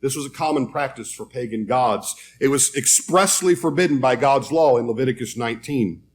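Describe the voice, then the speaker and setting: A man's voice: medium pitch, fairly quick. A man preaching a sermon, telling a Bible story in a conversational way and reading scripture aloud.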